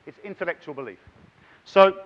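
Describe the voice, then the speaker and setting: A middle-aged man giving a lively, chatty conference talk and directing the audience. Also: sits high, fairly quick, dull audio. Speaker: conference plenary speaker. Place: large conference hall.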